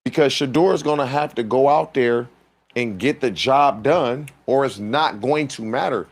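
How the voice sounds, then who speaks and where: Male panelist, plain-spoken coach type, blunt and steady. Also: mid-range voice, a little slow. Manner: blunt, no-nonsense coach talk. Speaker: sports TV panelist. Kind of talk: sports debate show talk.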